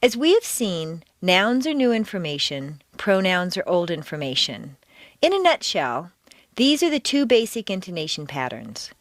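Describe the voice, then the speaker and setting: A woman with an American accent reading a scripted pronunciation lesson, modeling drills slowly with exaggerated rising and falling pitch. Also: very animated, no room sound, studio quality. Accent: General American. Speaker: accent coach.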